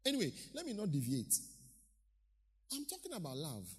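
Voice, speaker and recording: A male pastor preaching a lively sermon, acting out quotes and pausing for his interpreter. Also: high voice, breathy edge, big-room sound. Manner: animated preaching, acts out quotes, pauses for interpreter. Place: church hall.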